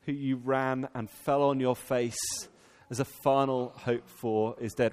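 A man preaching a sermon in an animated way, stumbling over restarts and fillers as he goes. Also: mid-range voice, slow. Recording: long reverb from a large hall.

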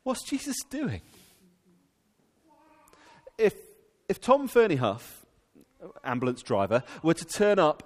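A man delivers a sermon in a slightly raised voice, animated and prone to stumbling restarts. His voice rings out with a long reverb, as if in a large church hall. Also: on the high side, slow, pauses often. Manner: animated, with frequent fillers and restarts. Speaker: preacher.

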